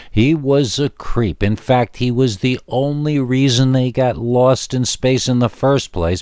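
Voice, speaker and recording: A man reading a first-person spooky story aloud as narrator, steady storytelling. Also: deep voice, no room sound, clean studio sound.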